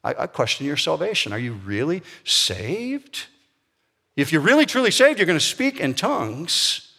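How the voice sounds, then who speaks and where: A man's voice: a little high, big pitch swings, moderate pace, vocal fry, bright, forceful tone, slightly rough, pitched above the performer's own voice, full character voice. A man putting on the voice of a pushy preacher who questions whether listeners are truly saved, insistent and needling. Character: pushy male preacher doubting your salvation. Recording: long hall reverb.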